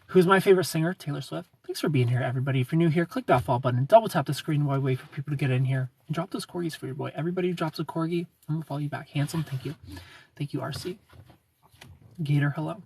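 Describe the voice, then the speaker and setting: A man hosting a casual livestream, greeting viewers by name and answering their comments in a relaxed, chatty way. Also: a little high, rapid-fire, creaky, slightly rough, recorded from a distance. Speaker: livestream host.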